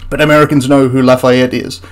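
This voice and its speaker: A man's voice: medium pitch, level tone, fast talker. A man hosting a history channel, ranting through a film critique in an exasperated, rambling way with frequent restarts.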